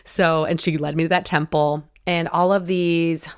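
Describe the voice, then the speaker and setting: A woman's voice: low-pitched, little pitch movement, normal speed, clear, resonant tone, dry recording, clean studio sound. A woman hosting a podcast, telling a personal story in a chatty, emotional way with lots of "like" and "you know.". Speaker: podcast host. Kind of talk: casual storytelling.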